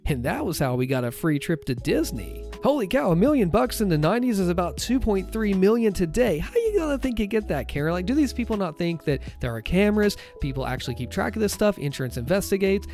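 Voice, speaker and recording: A man's voice: high voice, sing-song, quick pace, few pauses, darkish tone, soft background music. A man hosting a podcast, reading online stories aloud with wry, exasperated asides. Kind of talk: storytelling narration with casual commentary.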